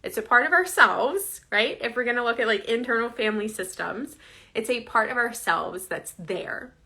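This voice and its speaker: A woman's voice: on the high side, animated, normal speed, sharp tone. A woman coaching viewers in a casual, earnest, conversational way, often checking in with "right?". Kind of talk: casual direct-to-camera advice.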